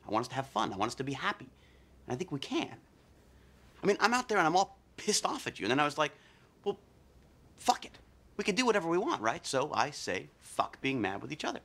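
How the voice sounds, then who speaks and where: A man's voice: on the high side, sing-song, bright, forceful tone, full character voice. An impulsive man pleading with his friend. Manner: pleading, then quick to swear. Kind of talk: film comedy acting.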